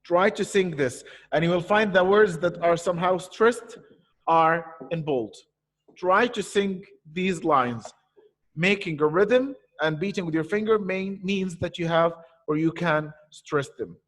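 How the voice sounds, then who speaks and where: Slow, patient male teacher in an echoey room. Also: high voice, fairly bright tone. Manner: patient, explains slowly with repetition. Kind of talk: online poetry lesson. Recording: echoey room with long reverb.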